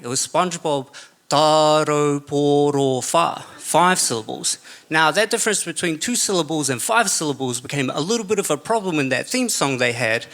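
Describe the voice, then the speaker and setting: A man's voice: fairly high pitch, pushed and bright. A young man with a New Zealand accent performing a stand-up comedy set on a theatre stage, chatty and self-mocking. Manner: chatty, self-mocking, frequent filler "okay" and "you know". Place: large theatre stage with audience. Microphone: stage microphone.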